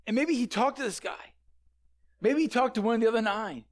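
A man preaching a sermon in an animated, conversational way, often repeating words as he starts a sentence, on a headset microphone. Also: extremely high pitch, brisk.

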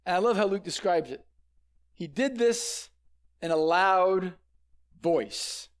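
Male preacher, sermon, animated and conversational, high voice, headset mic. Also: takes it slowly, smooth. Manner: animated, conversational, repeats words when starting sentences. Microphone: headset microphone.

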